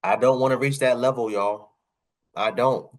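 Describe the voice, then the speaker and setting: A man from the American South with a Southern accent, hosting a casual reaction video with animated, repetitive commentary. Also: mid-range voice, normal speed. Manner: animated, repetitive, laughing asides.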